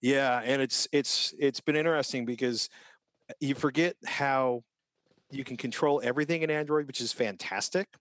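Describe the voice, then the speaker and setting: A man's voice: medium pitch, normal speed, a bit bright, dry recording. A man co-hosting a podcast in casual chat, talking in a rambling, self-interrupting way with chuckles. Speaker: co-host.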